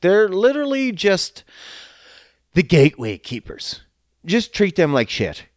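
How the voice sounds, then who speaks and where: A man's voice: sits high, wildly swooping pitch, unhurried, dry recording, studio quality. A man in a casual, profane rant who swears often and slips into mocking voices. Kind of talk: casual ranting monologue.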